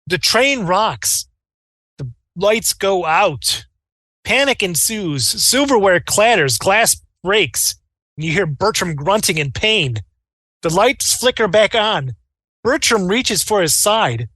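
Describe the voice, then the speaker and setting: A man's voice: high-pitched, very animated, takes it slowly, bright, forceful tone, no echo. A man running a tabletop role-playing game as game master, narrating scenes with theatrical, descriptive storytelling.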